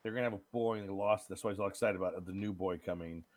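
Animated man recapping a movie plot. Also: racing. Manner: animated, acts out characters' lines in high voices. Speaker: podcast co-host. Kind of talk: casual movie-review chat.

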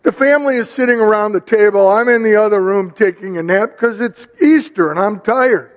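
Older male pastor, high voice, hall reverb. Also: a little fast. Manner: animated storytelling, conversational. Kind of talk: sermon with personal story.

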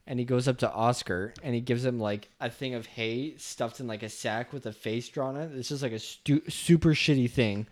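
A man's voice: medium pitch, moderate pace, hardly any pauses, a little mellow. A young man in a casual chat with friends, telling stories in an easygoing way.

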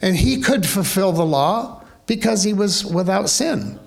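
A man's voice: high voice, lively intonation, unhurried, creaky. A man preaching a sermon as pastor, conversational and wry, full of rhetorical questions.

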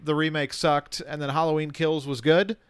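A man's voice: fairly high pitch, flat delivery, normal speed, clear, resonant tone, dry recording. Frank, opinionated man on a movie podcast. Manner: frank, opinionated, many restarts. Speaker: podcast co-host, film critic. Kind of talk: casual movie podcast chat.

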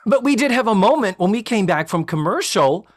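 A man's voice: sits high, big pitch swings, a little fast. A man co-hosting a podcast in casual comedic chat, explaining things earnestly and laughing often. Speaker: podcast co-host.

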